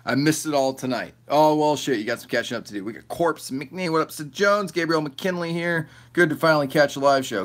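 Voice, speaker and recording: A man's voice: mid-range voice, moderate pace. A man hosting a casual livestream, reading chat aloud and rambling loosely, often swearing and laughing.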